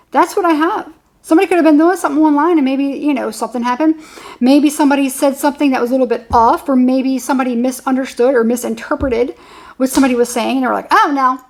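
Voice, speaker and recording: A woman giving a casual tarot reading to her viewers, chatty and rambling, repeating herself and laughing often. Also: sits high. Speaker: tarot reader.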